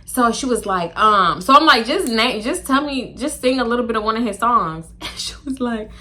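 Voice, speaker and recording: Young girl spilling a storytime, bright sharp voice, kinda high, super animated. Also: normal speed. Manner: chatty, animated retelling with laughs and quoted dialogue. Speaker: storytime YouTuber. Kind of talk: casual storytime vlog.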